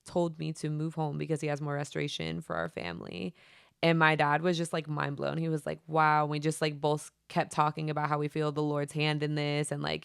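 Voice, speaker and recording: A young adult woman hosting a faith podcast, retelling events in a chatty, animated way full of fillers. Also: sits low, smooth, no room sound, studio quality. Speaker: podcast host. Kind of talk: casual faith podcast storytelling.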